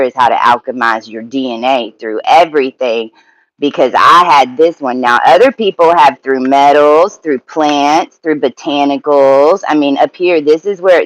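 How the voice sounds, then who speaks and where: A man's voice: fairly high pitch, fairly bright tone, poor audio. A man teaching spiritual ideas in an emphatic monologue, often repeating and restarting phrases.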